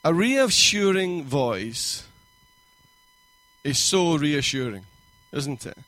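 A male pastor giving a sermon in a church, conversational and warm in pacing, with quoted asides and rising emphasis. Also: on the high side, very animated, takes it slowly, no room sound.

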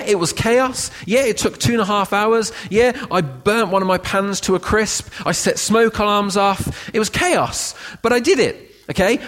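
A man preaching a sermon in a church, moving between quiet reading of verses and emphatic, raised declarations. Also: sits high.

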